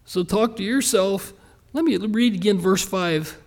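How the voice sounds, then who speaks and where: This male pastor's voice sits high as he delivers a sermon in an earnest, folksy manner. He lingers on the important lines and hurries past the brief asides.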